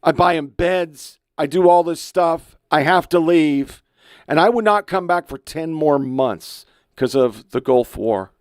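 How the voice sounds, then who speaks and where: Gen X male podcast host, 50s, fairly high voice, swears freely, emotional, dry studio sound. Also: expressive, unhurried, clear, resonant tone, dry recording. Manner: blunt, profane, heated ranting. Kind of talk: podcast commentary on online clips.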